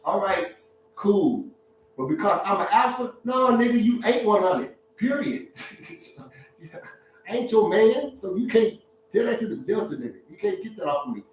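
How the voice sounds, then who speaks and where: A man's voice: high voice, big pitch swings, moderate pace. A man, hosting a casual live-stream monologue, joking and laughing often and acting out voices. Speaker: social media talk host. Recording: echoey room, far from mic.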